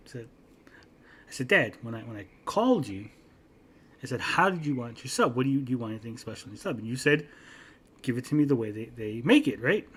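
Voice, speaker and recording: A man hosting a podcast, telling a long profane story in a casual, animated way and acting out both sides of an argument. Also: mid-range voice, husky. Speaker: podcast host.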